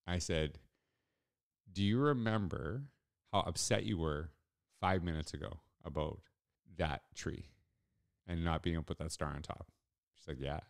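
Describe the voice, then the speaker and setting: A man's voice: low voice, moderate pace, vocal fry, pauses often. A middle-aged man hosting a solo podcast, telling a story in an earnest, reflective way. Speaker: podcast host.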